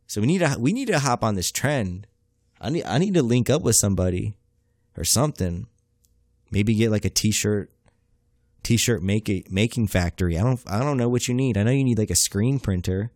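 A man's voice: on the low side, lively intonation, moderate pace, a little mellow, no echo, studio quality. Profane, rambling young man. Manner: profane, rambling, self-mocking, slangy. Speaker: podcast host. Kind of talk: casual comedic monologue.

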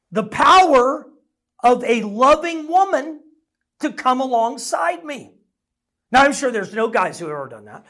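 A man's voice: extremely high pitch, fairly bright tone. A middle-aged man preaching a sermon as a pastor, telling stories in a conversational, self-deprecating way.

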